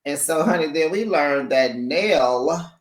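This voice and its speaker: Sassy slow-talking recap host, echoey room. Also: medium pitch. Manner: sassy, animated, laughs often, calls listeners honey and baby. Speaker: reality show recap host. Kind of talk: casual chat recap.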